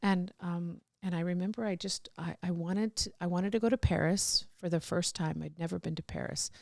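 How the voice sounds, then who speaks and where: A woman's voice: on the low side, fairly even intonation, normal speed, gravelly, a little mellow, no room sound, clean studio sound. A middle-aged woman telling candid personal stories as a podcast guest, rambling with restarts and laughs.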